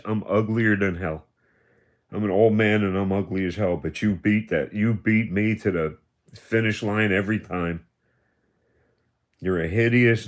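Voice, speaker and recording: A man in his seventies ranting on a livestream, taunting and accusing, repeating himself as he goes. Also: lowish voice. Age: 70s. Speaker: livestream host. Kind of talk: confrontational livestream rant.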